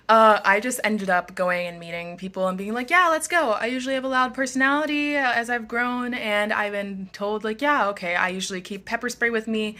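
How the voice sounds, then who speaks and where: Young woman, casual vlogger, bright tone, frank and upbeat. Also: medium pitch. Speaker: model and vlogger. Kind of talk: casual advice vlog. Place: bedroom at home.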